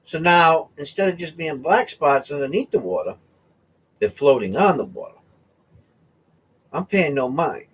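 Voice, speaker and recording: East Coast man, fairly high, raspy voice, animated storyteller hosting a home vlog. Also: a little slow, long pauses. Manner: animated, tags sentences with "right?" and "okay?". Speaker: vlogger host. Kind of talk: casual storytelling to viewers.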